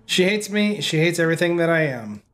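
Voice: medium pitch, expressive, fairly quick, fairly bright tone. Gamer reading game dialogue aloud. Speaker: gaming YouTuber.

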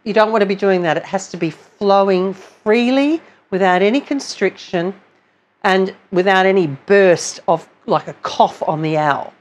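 A woman's voice: mid-range voice, a little slow, dull audio. A woman vocal coach giving a singing lesson, explaining technique patiently and step by step. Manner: patient, explanatory, demonstrates sounds between explanations.

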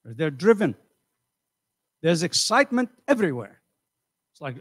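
An older man giving a motivational seminar, animated and conversational, asking the audience questions and acting out voices. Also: on the high side, moderate pace, no room sound. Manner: animated, acts out quoted voices. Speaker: seminar speaker. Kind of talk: motivational lecture. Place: community center hall.

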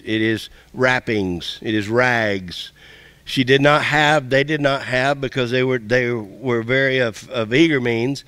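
A pastor giving a sermon, reading verses aloud and explaining them in plain, earnest words. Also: male voice, a bit bright, clear, resonant tone, no room sound. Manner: plain-spoken, rising in pitch as he preaches, with restarts.

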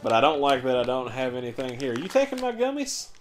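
A man's voice: medium pitch, big pitch swings, fast, over music. A young man co-hosting a let's play, chatting casually, rambling and swearing, laughing as he tells stories. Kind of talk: casual gaming chat.

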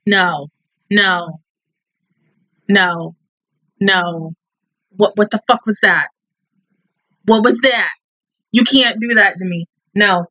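A woman hosting an anime reaction video, talking in a husky, breathy voice with loose slang and plenty of swearing. Her reactions come out emotional and exclaiming. The sound is dry and a bit dull and lo-fi. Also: medium pitch, sharp tone, no echo. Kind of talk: casual reaction commentary.

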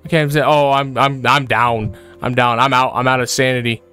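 A man's voice: medium pitch, level tone, brisk, pushed and bright, clear, resonant tone, soft background music. A man commenting as he plays a horror game, jittery and repeating himself, breaking into frightened yelps. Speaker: gaming video creator.

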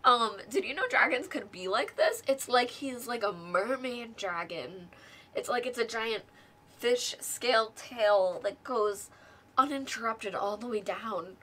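A woman hosting a casual show-and-tell vlog, gushing and excitable with plenty of filler words. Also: a little high, measured pace. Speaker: guest host showing board game miniatures.

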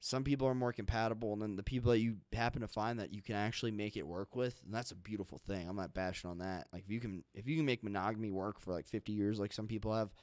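A man hosts a podcast in a rambling, easygoing way, leaning on "like" as he works through his thoughts. His voice sits low and smooth, heard close and dry. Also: steady tone, fast, hardly any pauses, darkish tone, no echo. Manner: rambling, laid-back, says "like" a lot. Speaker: podcast host. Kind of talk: casual podcast chat.

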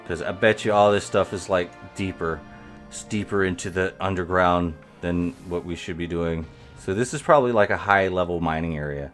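A man's voice: low voice, moderate pace, a bit bright, soft background music. A man giving rambling live gameplay commentary as a streamer, talking to his viewers while he plays. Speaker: game streamer.

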